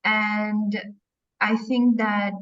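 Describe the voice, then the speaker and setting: A woman's voice: mid-range voice, flat delivery, very slow, fairly bright tone, soft background music. A woman joining an online meeting as a participant, feeling cold and speaking thoughtfully while searching for words. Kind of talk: casual chat on a video call. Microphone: video call. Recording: dull lo-fi video call audio.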